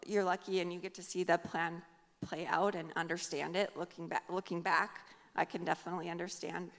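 A woman guest speaker sharing a personal testimony, earnest and halting. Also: fairly low pitch, level tone, a bit bright. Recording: long reverb of a hall.

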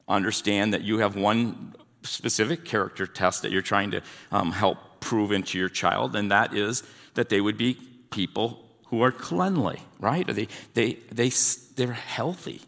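A man's voice: lowish voice, a little slow, a bit bright. Man preaching a conversational sermon in a hall. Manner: conversational, asks the congregation questions. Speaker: pastor. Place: church hall. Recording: long hall reverb.

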